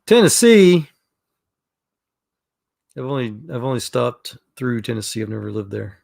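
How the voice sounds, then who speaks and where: A man's voice: on the low side, fairly even intonation, brisk, vocal fry. A middle-aged man from Texas telling rambling stories in a casual chat, with many fillers and restarts. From Texas, USA. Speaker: chat room participant.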